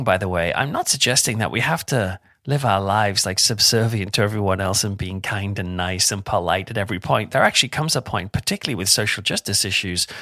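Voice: medium pitch, vocal fry, a bit bright, slightly rough, no echo, studio quality. A YouTuber giving a conversational reflection on a Bible passage, chatty and informal with asides and restarts.

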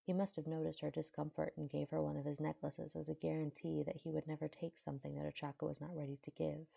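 Low, gravelly woman reading a story. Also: level tone, fast, dark tone. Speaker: fanfiction reader. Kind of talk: audiobook narration of a fanfiction.

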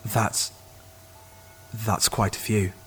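An actor playing a technician with a dry, wry way of talking and quick asides. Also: male voice, lowish voice, flat delivery, a bit bright, slightly rough, heavily acted.

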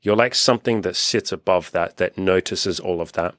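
Low-voiced man coaching, swears freely. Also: normal speed, dry recording, clean studio sound. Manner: profane, animated, acts out quoted voices. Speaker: dating coach and host. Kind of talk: casual podcast conversation.

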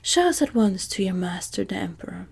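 Cast: woman voicing earnest storybook scarecrow in whispered role-play, breathy. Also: mid-range voice, very animated, fairly quick, a little mellow, exaggerated voice. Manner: earnest, eager. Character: cheerful talkative male scarecrow.

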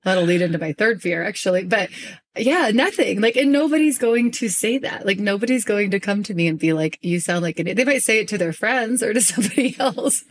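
A woman hosting a podcast in casual chat, talking fast and rambling with lots of fillers. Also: medium pitch, lively intonation. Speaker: podcast host.

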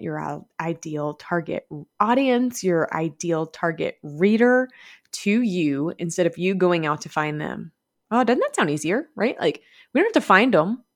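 Chatty Southern woman podcast host. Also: fairly low pitch. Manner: chatty and upbeat, laughs often. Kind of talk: podcast monologue.

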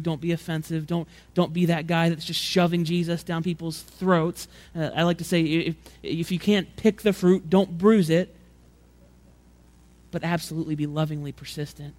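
High-voiced man preaching conversationally. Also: a little mellow. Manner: conversational preaching, acts out quotes with rising pitch and volume; frequent repeated words and restarts. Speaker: pastor. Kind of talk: sermon.

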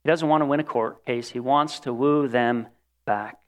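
A man preaching a sermon, shifting between loud, emphatic lines and quiet, drawn-out ones as he acts out quoted voices. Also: medium pitch. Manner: expressive preaching, dramatic quoted voices, swings loud and soft. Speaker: pastor.

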